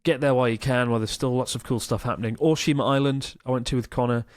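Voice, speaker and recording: A man's voice: mid-range voice, steady tone, quick pace, no room sound. A man co-hosting a casual podcast, reading out listener emails and chatting enthusiastically, swearing casually now and then.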